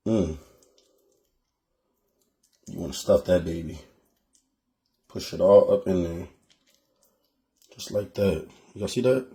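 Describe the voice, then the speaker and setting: Mellow low-voiced Philadelphia man. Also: slow pace, long pauses. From Philadelphia, USA. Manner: chatty, addresses viewers as "y'all". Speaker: cooking show host. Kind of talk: casual cooking tutorial.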